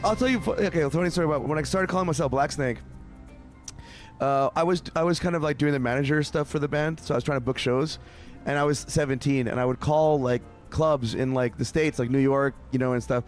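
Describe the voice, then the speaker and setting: A man's voice: fairly high pitch, quick pace, faint music behind. A man from Canada, a musician interview guest, telling stories in a rambling way with many restarts. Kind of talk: casual interview chat.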